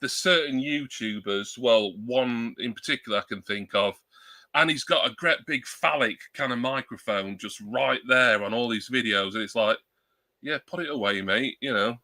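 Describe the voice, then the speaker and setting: A man's voice: mid-range voice, moderate pace, bright, forceful tone, no room sound. A man chatting casually on a live stream through a new external desk mic at his laptop, rambling and joking at his own expense. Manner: rambling, self-deprecating, joking.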